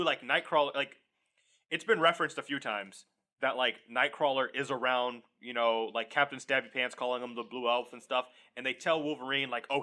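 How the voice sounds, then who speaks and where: A man's voice: mid-range voice, sharp tone. A man co-hosting a podcast, chatting casually, laughing often and swearing freely while retelling a story. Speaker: podcast co-host. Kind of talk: casual chat.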